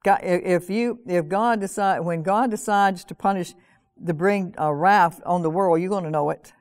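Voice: medium pitch, moderate pace, no room sound. A pastor preaching a sermon in an earnest manner, often repeating phrases and reading scripture aloud with a raised voice.

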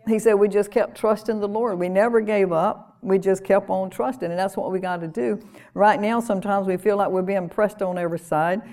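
A woman's voice: mid-range voice, fairly even intonation, brisk, a little mellow. A woman delivers a sermon in an earnest, conversational style. She talks to the congregation directly and repeats key phrases for emphasis. Her voice sits in a middle register. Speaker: preacher.

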